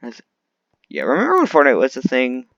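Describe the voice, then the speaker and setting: A man's voice: medium pitch, wildly swooping pitch, a little fast, creaky, a bit bright, muffled recording. A man delivering an unscripted, rambling rant full of complaints, often restarting his sentences. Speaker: vlogger.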